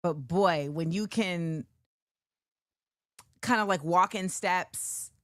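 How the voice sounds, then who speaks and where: A woman's voice: fairly low pitch, slow pace, fairly bright tone, slight background noise. A woman hosting a podcast in casual, playful conversation with her guest. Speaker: podcast host.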